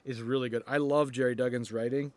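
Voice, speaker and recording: A man's voice: mid-range voice, steady tone, quick pace, over a noisy crowd. Congested chatty man podcasting. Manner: enthusiastic, chatty, laughs often. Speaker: podcast co-host. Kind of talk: casual chat about comics.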